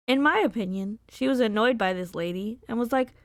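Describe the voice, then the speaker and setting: A woman's voice: fairly high pitch, lively intonation, brisk, hardly any pauses, dry recording, studio quality. A woman commentating on a true-crime interrogation, analytical and opinionated.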